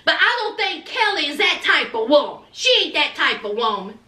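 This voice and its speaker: Brief: sassy woman recapper, high bright voice, lively swings in pitch. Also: moderate pace, roomy sound, far from the mic. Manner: sassy, dramatic, scolding with slang. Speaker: TV recap vlogger. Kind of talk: reality TV recap commentary.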